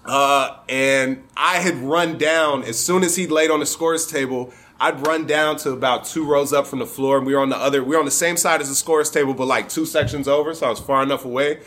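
A man's voice: mid-range voice, fairly even intonation, brisk, few pauses, a bit bright. A man from Michigan telling a funny personal story to a live audience, casual and profane, often chuckling.

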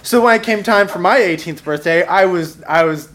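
A man's voice: sits high, moderate pace. Young guy doing a story set on stage, dry self-mocking jokes, chuckles as he goes, faint hiss underneath. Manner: wry, self-mocking, laughing through his own story. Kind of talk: stand-up storytelling.

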